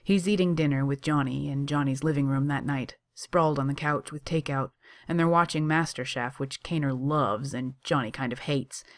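A woman reads a romantic story aloud in a notably low voice. Her telling is expressive and casual, with the narration's swearing delivered lightly. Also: moderate pace. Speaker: reader. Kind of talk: reading fan fiction aloud.

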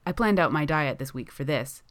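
A woman reading aloud and voicing a shy, polite young man, a hockey player, in a soft-spoken way. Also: deep voice, expressive, fairly quick, no echo, clean studio sound. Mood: friendly.

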